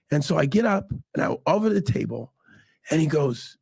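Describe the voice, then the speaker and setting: A middle-aged man telling stories in a casual interview, animated and acting out quotes. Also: fairly quick, creaky, husky, no room sound. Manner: animated, acts out quotes with big pitch jumps. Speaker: guest.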